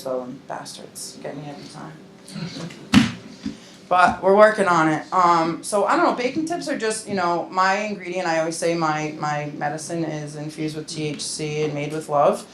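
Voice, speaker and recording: A woman's voice: low voice, vocal fry, slight background noise. A woman speaking as a patient advocate at a seminar, chatty and frank with joking asides. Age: adult with a grown-up mother. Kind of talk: casual seminar talk. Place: seminar room at a wellness center. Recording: echoey room with faint ambience.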